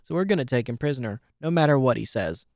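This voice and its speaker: A man's voice: mid-range voice, animated, fast, darkish tone, dry recording, clean studio sound, lightly acted. A man voicing a cruel, bossy female griffin captain who talks cold and commanding.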